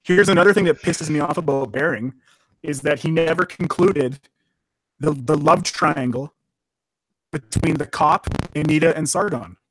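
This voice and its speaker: A man's voice: a little high, moderate pace, breathy edge, no echo, low-quality recording. A man from Canada, a guest on a casual podcast, rambling and swearing as he laughs at his own jokes.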